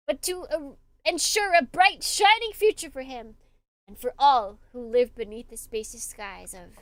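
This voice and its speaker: A woman's voice: on the high side, fairly bright tone, no room sound. A woman voicing a haughty male American officer with a put-on Southern accent, reading game dialogue in a cold, formal, lecturing manner. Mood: solemn.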